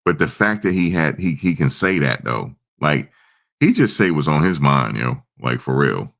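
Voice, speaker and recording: A man's voice: extremely low pitch, sing-song, moderate pace, vocal fry, a bit bright. A man hosting a casual live stream, rambling and answering viewers' comments. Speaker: livestream host.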